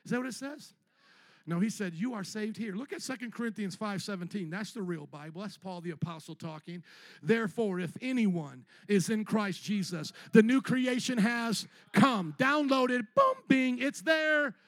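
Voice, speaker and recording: A man preaching a lively sermon as pastor in a church, playfully acting out churchgoers and rising to shouts. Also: sits high, normal speed, no echo. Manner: animated preaching, acting out church members in put-on voices, shouting at peaks.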